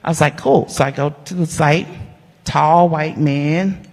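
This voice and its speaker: A woman, an award honoree giving an animated, humorous storytelling speech that talks straight to the audience. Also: sits low, measured pace. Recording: long hall reverb.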